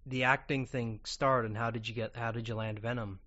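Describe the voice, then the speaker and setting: A man hosting a podcast, asking questions in a casual interview, often halting and restarting. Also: medium pitch, fairly even intonation, highs cut off. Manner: fast, loud opening, then halting questions. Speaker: podcast host.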